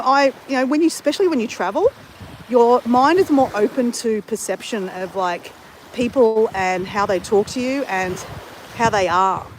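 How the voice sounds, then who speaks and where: Blunt woman vlogger, slightly high voice, swears freely, faint hum behind. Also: low-quality recording. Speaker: travel vlogger. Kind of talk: casual chat to camera.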